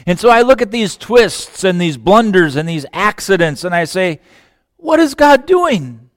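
A man preaching a sermon, with long pauses, shifting between loud emphatic lines and hushed quiet ones. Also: high voice, no room sound, clean studio sound. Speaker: pastor.

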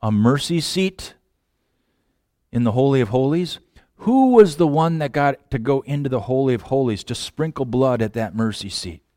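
A man preaching a sermon, asking rhetorical questions and swinging from hushed lines to loud, impassioned ones. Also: medium pitch, expressive, moderate pace, dry recording, studio quality. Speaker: pastor.

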